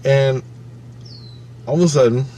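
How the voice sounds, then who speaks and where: A man casually telling a personal story, swearing freely and acting out his own panicked thoughts with sudden swings between loud and quiet. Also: mid-range voice, measured pace, a little hiss or hum. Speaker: channel host recounting a personal experience.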